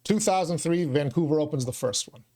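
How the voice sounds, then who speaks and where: A man's voice: fairly high pitch, a little fast, warm tone. A man hosting a local talk show, making his argument with figures and rhetorical questions. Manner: argues from common sense, cites figures, asks questions. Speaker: show host. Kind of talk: casual talk show conversation.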